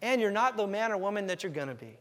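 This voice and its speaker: A man preaching a sermon as pastor, lively and acting out quoted thoughts with big jumps in voice. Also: quick pace, in a large hall. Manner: animated, acts out quotes with big pitch jumps.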